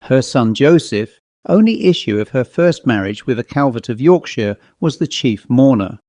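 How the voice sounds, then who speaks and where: A man reading a classic ghost story aloud in a measured, even narration. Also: medium pitch, no echo. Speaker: audiobook narrator.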